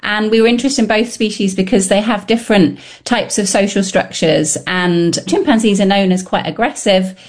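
A woman researcher answering interview questions, explaining her study in a lively, explanatory way. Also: medium pitch, moderate pace, hardly any pauses. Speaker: scientist guest.

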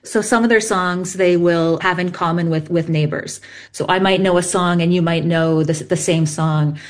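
A woman's voice: lowish voice, steady tone, moderate pace. A woman researcher patiently explaining bird behavior step by step in an interview. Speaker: bird song researcher guest.

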